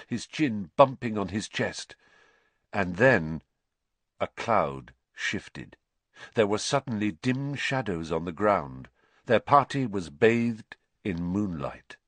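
Male audiobook narrator, lower voice, lively dramatic read, dry close mic. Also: no echo. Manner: expressive, rising with the action. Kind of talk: dramatic storybook reading.

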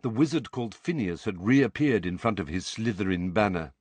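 A man narrating a story in a measured, expressive way. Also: on the low side, husky, no echo. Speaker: audiobook narrator. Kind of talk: scripted narration.

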